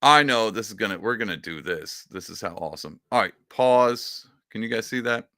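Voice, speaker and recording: A man's voice: fairly low pitch, animated, moderate pace, pushed and bright, dry recording, clean studio sound. A man hosting a casual reaction commentary, talking in a sarcastic, mocking and rambling way. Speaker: political commentary host.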